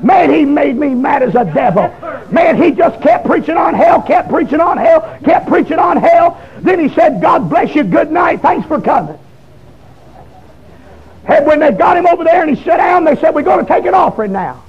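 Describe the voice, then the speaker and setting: A man, preaching a testimony sermon in a folksy storytelling way that breaks into shouting. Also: very high-pitched, expressive, brisk. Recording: dull lo-fi recording.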